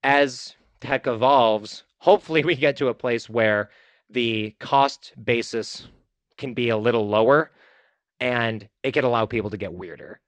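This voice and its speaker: A man's voice: medium pitch, fairly bright tone, dry recording. Filmmaker guy rambling in an interview, joking at himself, dry close mic. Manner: chatty, self-deprecating, quick asides. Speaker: filmmaker guest. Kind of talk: casual interview talk.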